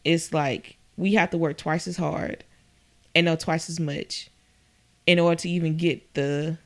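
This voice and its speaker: A young woman chats and tells stories at an easy pace, slipping into other people's voices as she recounts them. Her voice sits fairly low and has a gravelly edge. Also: steady tone, measured pace. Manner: storytelling, quotes people in a higher voice. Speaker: guest. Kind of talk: casual chat.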